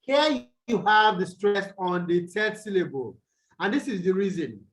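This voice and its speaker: A man's voice: high voice, lively intonation, a little slow, fairly bright tone, rough recording. A Nigerian man teaching English over a video call, repeating points and quizzing his students with "what?" prompts. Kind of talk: online tutorial lecture.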